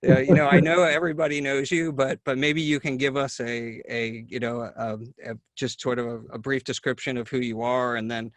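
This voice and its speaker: A man's voice: mid-range voice, fairly even intonation, brisk, hardly any pauses, no room sound. A man hosting a conversation, telling a long story with many fillers and restarts. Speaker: neurologist host. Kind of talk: casual video-call conversation.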